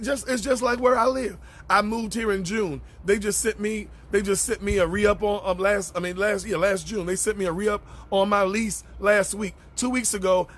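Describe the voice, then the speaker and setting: A man's voice: high-pitched, fairly bright tone. A man ministering on a live stream, reading out and answering viewer comments in a preacherly way and repeating phrases for emphasis. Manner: greets viewers by name between thoughts.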